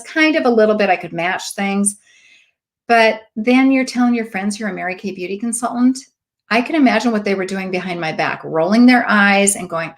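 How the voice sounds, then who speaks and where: A woman in her late fifties, a sales director giving a motivational talk, telling lively stories and acting out the voices of people she quotes. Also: medium pitch. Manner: emphatic, preachy asides.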